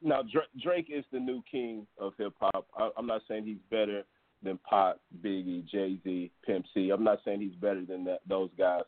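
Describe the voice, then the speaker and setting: A low-pitched man gives blunt, joking takes in a casual sports chat. His voice is dry and tinny, as if it comes over a telephone. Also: steady tone, moderate pace, dry recording. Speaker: podcast panelist. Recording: tinny phone-like sound.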